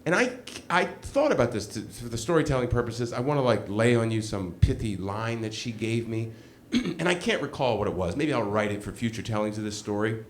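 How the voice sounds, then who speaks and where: A man's voice: medium pitch, fairly quick, few pauses, a little hiss or hum. A middle-aged man telling a funny personal story on stage, self-mocking and acting out the other people's lines. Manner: animated, self-mocking, acts out quoted voices. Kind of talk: live comedic storytelling.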